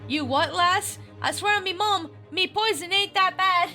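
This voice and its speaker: Play a brash, swaggering British lass in a mock Cockney accent, as a woman puts her on. The voice is pitched up high and pushed loud, with game music playing behind it. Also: measured pace, full character voice. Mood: defiant. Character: cheeky working-class British woman.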